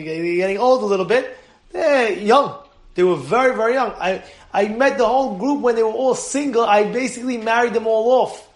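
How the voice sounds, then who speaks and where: A man, a rabbi giving a lively Torah class to his congregation, laughing often and acting out voices. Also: high voice, reverberant. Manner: animated, laughing, acts out voices.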